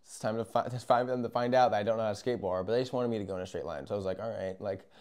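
A young man telling a casual, rambling story, acting out moments with yells and whispers. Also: fairly low pitch, racing. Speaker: vlogger.

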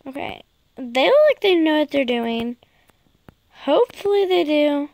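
A woman chatting excitedly to her viewers while commenting on her gameplay. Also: high-pitched, a little slow, vocal fry, rough recording. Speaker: gaming YouTuber.

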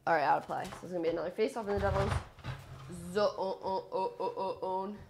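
A young woman giving a chatty live reaction to a hockey game as a fan, excitable and cheering loudly. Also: medium pitch, normal speed, gravelly, slight background noise. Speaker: sports fan streamer.

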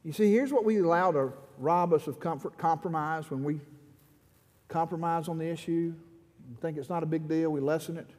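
A middle-aged man preaching with passion, his high voice carrying through a long hall echo. He explains a passage and then presses the point with growing urgency, as a pastor does in a church. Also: moderate pace, darkish tone. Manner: impassioned, rising to fervent pleading in prayer. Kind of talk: sermon.

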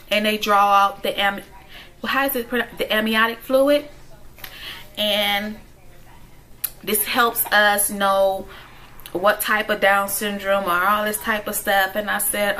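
A woman's voice: on the high side, fairly even intonation, moderate pace, long pauses, pushed and bright, rough recording. A woman, a mother, telling a personal story in a direct, emphatic way, often checking in with her viewers. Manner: emphatic, direct, keeps asking "okay?". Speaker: vlogger, stay-at-home mom. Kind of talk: storytime vlog.

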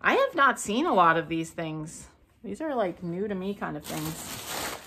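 A woman's voice: medium pitch, sing-song, moderate pace, pushed and bright, slight background noise. A woman, a thrift vlogger, chatting casually through a haul video and gushing over each item she unwraps.

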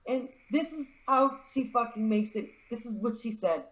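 A woman's voice: a little high, lively intonation, normal speed. A woman ranting furiously on a livestream, swearing heavily. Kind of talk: angry livestream rant. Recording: dull lo-fi stream audio.

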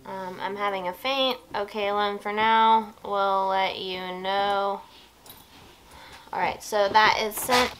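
A woman lying down at home and talking to a nearby camera in a casual vlog. She explains each step calmly and keeps breaking off to praise her dog softly. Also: medium pitch, slow, soft background music. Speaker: vlogger filming her service dog. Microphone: camera set low nearby.

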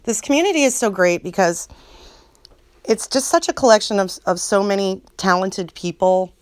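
A woman's voice: medium pitch, normal speed, no echo. A woman who hosts a channel, chatting casually to her viewers in a rambling way and laughing often. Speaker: channel host.

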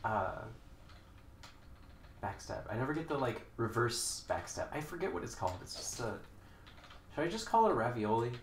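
A man's voice: medium pitch, very animated, moderate pace, pauses often. Rambling young man streaming games. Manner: rambling, jokey, with sudden loud outbursts. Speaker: game streamer. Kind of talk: casual live-stream commentary. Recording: echoey room with faint noise.

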